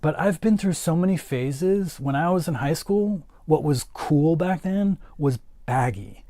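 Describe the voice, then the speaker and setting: A man's voice: on the high side, animated, measured pace, warm tone, no echo, studio quality. A man chatting casually as a livestream host, rambling with lots of "like" fillers and answering his chat.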